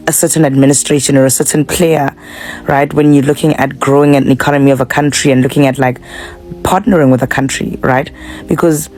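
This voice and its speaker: A man's voice: on the high side, darkish tone, rough recording. A man giving casual political commentary, chatty and full of fillers.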